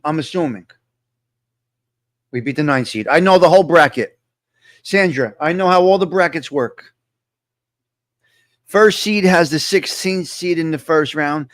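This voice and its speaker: A man's voice: a little high, fairly bright tone, dry recording, studio quality. A man hosting a casual live-stream chat, talking to viewers and repeating his points with emphasis. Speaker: host.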